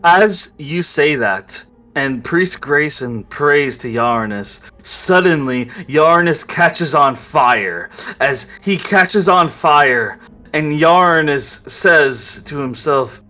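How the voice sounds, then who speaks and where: A male game master narrates the scene at an unhurried pace, his voice bright and crisp. Faint music plays under the story. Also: a little high, animated.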